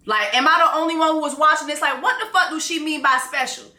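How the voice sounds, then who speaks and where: Brash, bright-voiced woman recapping a show. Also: high-pitched, quick pace, roomy sound. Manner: brash, profane, animated storytelling. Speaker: YouTube recap host.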